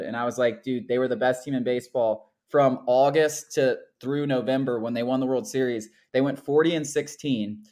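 A man's voice: medium pitch, normal speed, hardly any pauses. A young man co-hosting a casual sports podcast, ranting with lots of "like" and "dude.". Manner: animated ranting, frequent "like" and "dude". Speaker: podcast co-host.

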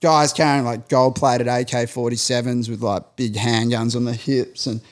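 A man's voice: mid-range voice, level tone, moderate pace. A man telling a long story in casual chat, rambling and peppering his talk with fillers. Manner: rambling, heavy use of filler "like".

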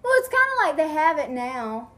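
A woman co-hosting a casual podcast, her voice pitched a little high. She answers the others with quick, wry remarks. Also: sing-song, a bit bright. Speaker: podcast co-host. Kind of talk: casual chat.

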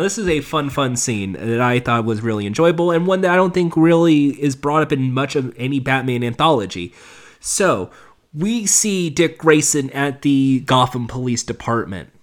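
Rambling man recapping an episode. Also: medium pitch. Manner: rambling, with many fillers and restarts. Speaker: show reviewer.

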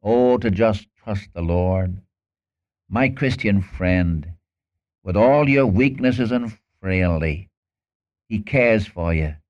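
Male preacher, earnest sermon delivery, slightly low voice, dull old recording. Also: lively intonation, slow, darkish tone. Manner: earnest, acts out Bible dialogue.

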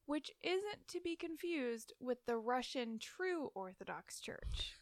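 Casual woman podcast co-host, higher pitch, giggly storyteller, dry close sound. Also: very animated, slow, no echo. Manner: giggly, chatty, stumbles over names.

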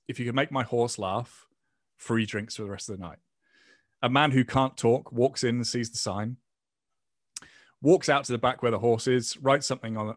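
A man's voice: medium pitch, no echo, clean studio sound. A man hosting a casual podcast, playfully reading prompts and telling a long joke. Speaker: podcast host.

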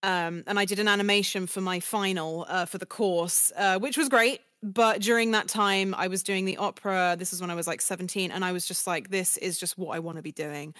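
A woman's voice: mid-range voice, steady tone, fairly quick, hardly any pauses, fairly bright tone, no echo, studio quality. A woman of twenty-nine, a voice actor, chatting in a giggly way full of fillers. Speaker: voice actor guest. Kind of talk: casual interview chat.

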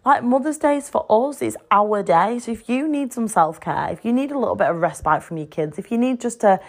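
A woman's voice: fairly high pitch, animated, fairly quick, darkish tone. A woman in her thirties with a British English accent, hosting a casual solo podcast from home, chatty and frank, swearing freely. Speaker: podcast host.

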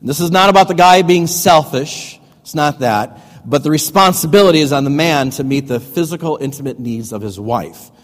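Middle-aged male pastor, folksy and joking, fairly high voice, long hall reverb. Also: lively intonation, a little fast. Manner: folksy, joking, laughs at his own stories. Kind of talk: sermon.

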